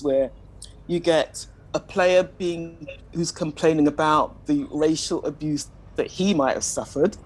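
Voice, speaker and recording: A woman speaking as a panelist in a discussion, measured and questioning, often admitting she is ready to be corrected. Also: low-pitched, low-quality recording. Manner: measured, questioning, self-deprecating.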